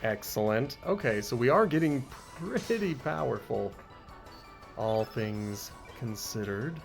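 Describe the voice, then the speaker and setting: A man's voice: mid-range voice, expressive, takes it slowly, vocal fry, soft background music. A man streaming a game, talking in a laid-back, self-deprecating, casual commentary style.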